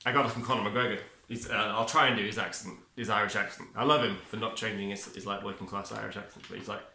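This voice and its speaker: A man's voice: on the low side, steady tone, fast, vocal fry, pushed and bright. A man giving a rambling, upbeat self-help monologue, often cutting himself off mid-word. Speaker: vlogger. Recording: echoey room.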